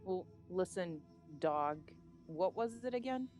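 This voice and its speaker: A woman player in a tabletop game, playful and quick to joke and laugh. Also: lowish voice, lively intonation, a little mellow, soft background music. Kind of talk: in-character tabletop role-play.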